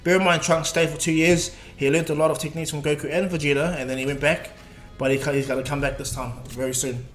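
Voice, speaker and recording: A man's voice: on the high side, flat delivery, quick pace, hardly any pauses. A man casually narrating a fan-made story, rambling with restarts and fillers. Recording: echoey room, faint music.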